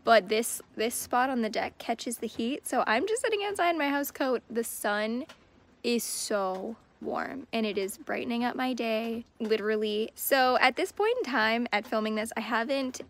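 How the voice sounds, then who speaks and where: A woman's voice: on the high side, moderate pace. A woman chatting casually into her phone camera for a book vlog while sitting outdoors on a sunny deck. She sounds upbeat and fills her sentences with "like". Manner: chatty and upbeat, with frequent "like" fillers. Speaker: book vlogger.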